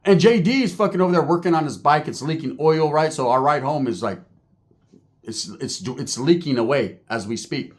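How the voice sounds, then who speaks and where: A man telling a story in a casual, animated and profane streetwise way. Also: on the high side, normal speed.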